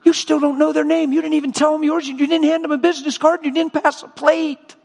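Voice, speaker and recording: An older man preaching a sermon, telling stories and acting out both sides of conversations with lively, emotional delivery. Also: very high-pitched, fairly quick, creaky, in a large hall. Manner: animated storytelling, acting out dialogue.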